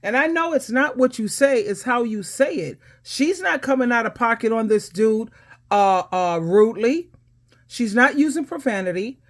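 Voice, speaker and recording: A woman's voice: a little high, expressive, moderate pace. A middle-aged woman advice coach giving emphatic, authoritative reaction commentary.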